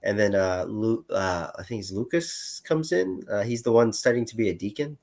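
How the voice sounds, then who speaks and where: A man's voice: on the low side, normal speed, darkish tone. A man around thirty, a guest calling into a livestream, talking casually with many fillers and restarts. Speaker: guest caller. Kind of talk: casual chat.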